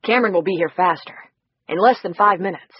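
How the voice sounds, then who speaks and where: Reader doing an old general guy, brisk and in charge, breathy, dry sound. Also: sits high, no room sound, lo-fi sound. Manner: brisk, giving instructions. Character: older retired general, calm and in charge.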